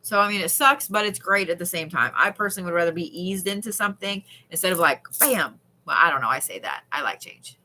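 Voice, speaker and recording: A woman's voice: fairly low pitch, bright, forceful tone, a little hiss or hum. A woman, doing live card readings and chatting candidly with viewers, swearing casually. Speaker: tarot card reader on a livestream.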